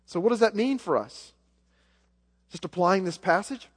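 A man's voice: sits high, expressive, moderate pace, slightly rough. A man with a Southern American accent preaching a sermon as pastor, earnest, repeating words as he builds a point. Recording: long hall reverb.

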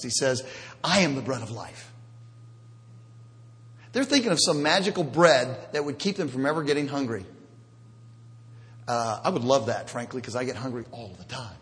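A man preaching a sermon, animated and jokey, with sudden loud bursts. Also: medium pitch, in a large hall. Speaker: pastor.

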